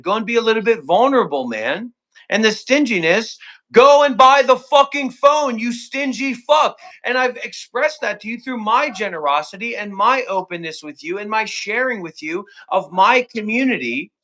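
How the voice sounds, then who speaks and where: A man's voice: sits high, bright, forceful tone. A man arguing on a livestream, profane and confrontational, firing off commands in long repetitive lists. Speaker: call-in guest. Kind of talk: heated livestream argument.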